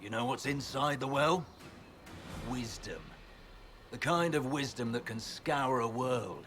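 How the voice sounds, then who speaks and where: A man voicing a gruff renegade general in a fantasy game, taunting and scornful, with a boastful edge. His voice sits at a middle pitch over a faint background hiss. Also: a little slow, a bit bright, lightly acted.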